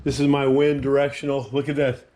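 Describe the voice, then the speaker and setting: A man's voice: medium pitch, little pitch movement, a little fast, darkish tone, dry recording. An older man filming himself outdoors with a handheld action camera, rambling in a folksy, grumbling way as he tours his lakeside yard. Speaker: homeowner giving a yard tour. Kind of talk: casual self-filmed vlog.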